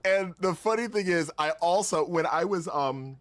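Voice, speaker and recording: A man's voice: sits high, moderate pace, fairly bright tone, no echo. A man hosting a casual podcast, rambling with lots of restarts and laughing often. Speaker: podcast host.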